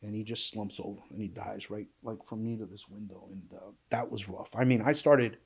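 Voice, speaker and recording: A man giving an emotional personal account as a panel guest, halting and subdued, with restarts and trailing pauses. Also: fairly low pitch, husky. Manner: subdued, intense storytelling. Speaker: panel guest recounting survival.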